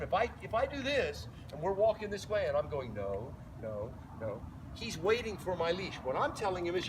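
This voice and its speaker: A man working as a dog trainer, explaining a leash lesson outdoors while walking, often breaking off to praise the dog in a light voice. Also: sits high. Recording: distant mic, noisy outdoor.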